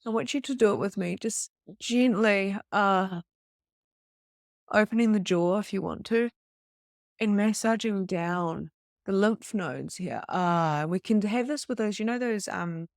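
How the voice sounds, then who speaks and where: A woman's voice: mid-range voice, measured pace, no room sound, clean studio sound. Earnest woman coaching. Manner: earnest, conversational, with acted-out anecdotes. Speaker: spiritual coach. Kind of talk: teaching a wellness session.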